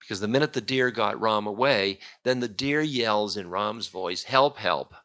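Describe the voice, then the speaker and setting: A man's voice: lowish voice, normal speed, a bit bright. A man, a spiritual teacher, telling an old story in a casual, humorous lecture with frequent chuckles.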